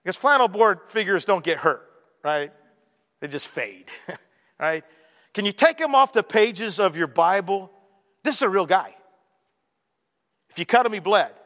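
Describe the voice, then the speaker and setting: A man's voice: high-pitched, lively intonation, unhurried, pauses often, fairly bright tone, in a large hall. A man preaching a sermon as a pastor, earnest and conversational, asking the congregation rhetorical questions.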